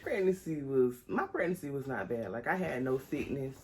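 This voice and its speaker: A young woman, chatting casually on a vlog and acting out the people in her story with high, lively voices. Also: normal speed, over a noisy crowd. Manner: animated storytelling, acts out quotes in high voices. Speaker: vlogger.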